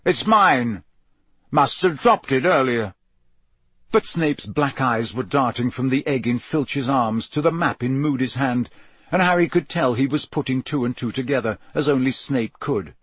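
A man narrating an audiobook in a steady, measured storytelling voice. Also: medium pitch, breathy edge, dry recording. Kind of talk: scripted narration.

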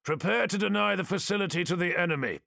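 A man's voice: high voice, fast talker, creaky, sharp tone, voice pushed up, heavily acted. Man voicing a curt armored space warrior. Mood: commanding. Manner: curt, clipped commands.

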